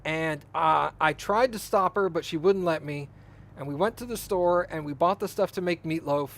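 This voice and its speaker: Man, high voice, casual game-stream chat, laughing storyteller, faint noise. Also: moderate pace, a bit bright. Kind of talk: casual chat while gaming.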